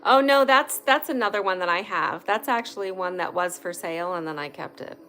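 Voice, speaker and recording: A woman's voice: fairly low pitch, a little fast, fairly bright tone, soft background music. A woman hosting a casual live online session from home, chatty and candid, swearing freely when something annoys her. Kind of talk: casual live-stream chat. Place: at home indoors by a fireplace.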